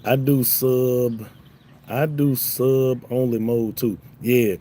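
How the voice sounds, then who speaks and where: A man hosts a relaxed livestream, reading the chat out loud and answering viewers. His voice sits at an ordinary middle pitch, and his talk is loose and profane. He laughs easily, and there is a faint ambient hiss behind him. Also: slow. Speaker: livestream host.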